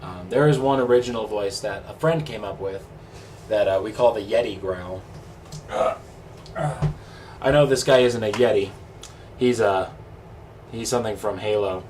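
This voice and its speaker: A man's voice: lowish voice, normal speed. Easygoing young man vlogging, far mic. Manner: rambling, easygoing, self-deprecating. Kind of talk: casual chat. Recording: distant mic with faint background noise.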